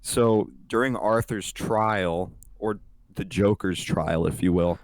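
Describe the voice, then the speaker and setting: A man's voice: deep voice, slow, dry recording. A young man co-hosting a podcast, talking in a rambling, casual way, full of swearing and fillers. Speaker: podcast co-host. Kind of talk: casual chat.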